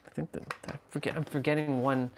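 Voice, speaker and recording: A man's voice: on the high side, flat delivery, fairly quick, background noise. A man hosting a live stream, rambling casually and playfully as he chats with his viewers. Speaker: livestream host.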